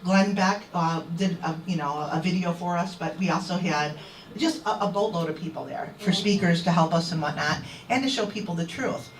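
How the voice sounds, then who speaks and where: A woman activist with a fairly low voice tells a crowd an indignant story at a moderate pace, animatedly acting out what others said. The recording is echoey, picked up by a distant mic.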